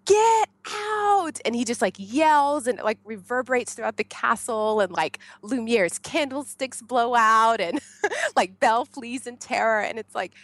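With a slightly high voice at a moderate pace, this US podcast guest recounts her story in a relaxed, lively manner. She laughs frequently and acts out the things she shouted back then, and the audio has no echo.

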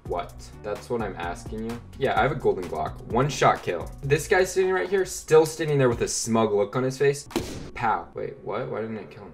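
A man giving lively, bossy, teasing commentary as a gaming YouTuber over his own gameplay. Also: lowish voice.

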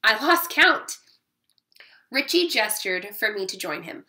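Bright, animated woman reading a storybook. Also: medium pitch, slow. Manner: expressive, adds asides to listeners. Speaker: teacher.

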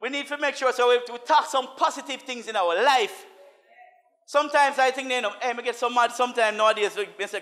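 High bright-voiced preacher. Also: male voice, a little fast. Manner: preaching with call-and-response and chanted repetition; laughing asides, swings from soft to shouting. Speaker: minister. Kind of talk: sermon.

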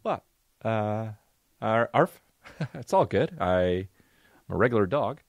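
A dopey, carefree mutt who eats anything, put on by a man. He talks in a low, lazy drawl and brushes everything off. The sound is dry and close to the mic. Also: animated, slow, vocal fry, no room sound, exaggerated voice. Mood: innocent. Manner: slacker drawl, unbothered. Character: dopey laid-back male scavenger dog.

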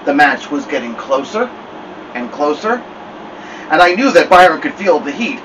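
Guy reading a kids novel out loud, lively up-and-down voice, mic kinda far. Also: a little high, moderate pace, pauses often, a little hiss or hum. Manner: lively expressive storytelling. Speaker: storybook reader.

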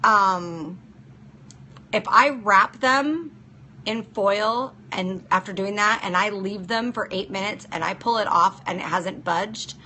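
A woman's voice: lowish voice, pushed and bright, a little hiss or hum. A woman hosting a casual live-stream chat as a nail technician, practical and chatty, answering viewers by name. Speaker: nail technician and show host.

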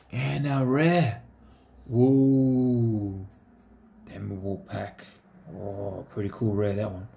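Man, gravelly voice, unhurried, casual card-opening chat, talks to himself. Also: medium pitch, darkish tone. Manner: talks to himself, easygoing and chatty. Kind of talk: casual commentary while opening card packs.

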